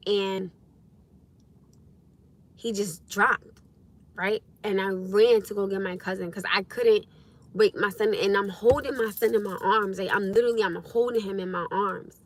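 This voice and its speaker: A young woman hosting a casual livestream, telling stories to her viewers in a lively, expressive way with frequent laughs. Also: medium pitch, unhurried, long pauses. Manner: animated storytelling, laughs often, acts out her own past speech. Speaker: livestream host.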